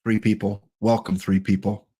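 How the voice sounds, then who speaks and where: A middle-aged man giving chatty, joking live-stream commentary while playing a baseball sim, excited and wired on coffee. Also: lowish voice, moderate pace, breathy edge. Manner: chatty, joking, talks to chat bots.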